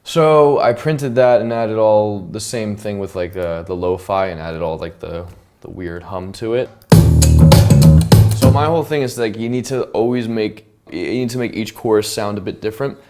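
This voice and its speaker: Chatty man over loud playing music. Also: on the low side, normal speed. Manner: chatty, breaks off to hum and mimic sounds. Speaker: pop songwriter and producer. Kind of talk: casual explanation of a song's production. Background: his song's tracks playing loudly.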